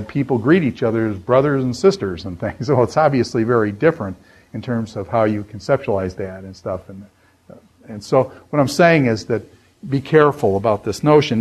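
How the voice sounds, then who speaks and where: A man's voice: medium pitch, expressive, a little fast, a little mellow. A man teaching a college Bible class in a loose, conversational way, repeating phrases and using fillers. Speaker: Bible professor. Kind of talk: classroom lecture.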